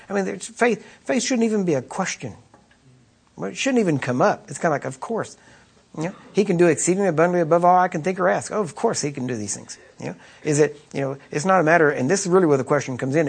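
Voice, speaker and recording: A man with a somewhat raised pitch and a husky, breathy edge preaches a sermon. He talks to the congregation as if in conversation, pressing his points with rhetorical questions and repeated phrases. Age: adult with children.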